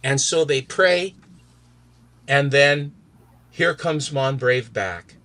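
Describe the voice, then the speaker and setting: A man's voice: mid-range voice, takes it slowly, a bit bright. A man in a podcast chat retelling a comic book story, reading out its characters' lines. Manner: acts out characters with accents while retelling. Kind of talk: animated storytelling, reading out dialogue.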